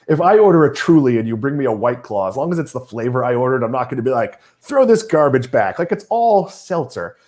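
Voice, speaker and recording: A man's voice: mid-range voice, animated, fast talker, few pauses, a little mellow. A middle-aged man hosting a casual chat, his voice rising and falling a lot in a mid-height register. He has a wry, teasing way of talking. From Massachusetts. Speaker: host.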